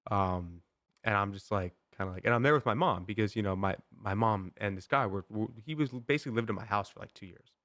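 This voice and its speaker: A man's voice: lowish voice, a little fast, a bit bright, no room sound, clean studio sound. A young man hosting a podcast, telling a story in a casual, rambling way, with lots of "like" and "um" fillers. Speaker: podcast host.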